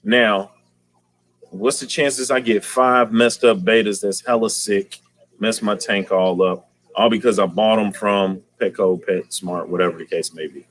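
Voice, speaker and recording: A man's voice: on the low side, fairly even intonation, measured pace, fairly bright tone, slight background noise. Slangy man hosting a fish livestream. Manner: slangy, greets viewers by name, laughs often. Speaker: aquarium livestream host. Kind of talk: casual livestream chat.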